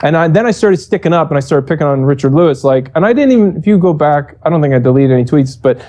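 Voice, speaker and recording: Brief: animated, profane male coach telling a heated story; warm, relaxed voice. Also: fairly high pitch, fast. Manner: profane, animated, acts out quoted exchanges. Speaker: esports coach. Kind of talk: casual storytelling interview.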